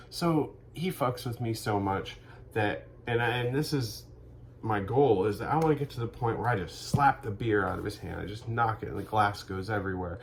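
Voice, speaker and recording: A man riffing through a rambling, profane comic monologue in a deadpan delivery. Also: fairly low pitch, slight background noise. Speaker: comedic vlogger.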